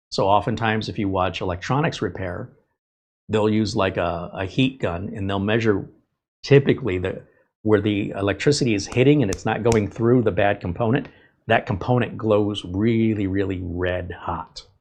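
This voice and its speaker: A man's voice: fairly low pitch, darkish tone. A man hosting a live tech stream, talking in a rambling, conversational way and laughing often. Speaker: host.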